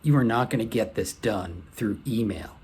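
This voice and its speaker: A man voicing a seasoned older woman, an executive assistant who gives blunt, brisk, matter-of-fact advice. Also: fairly low pitch, a little mellow, slightly rough.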